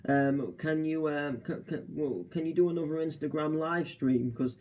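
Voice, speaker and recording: Rambling young Englishman, mellow voice. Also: fairly high pitch, moderate pace, low-quality recording. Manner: rambling, with many fillers and restarts. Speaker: live streamer. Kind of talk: casual chat. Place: hotel room.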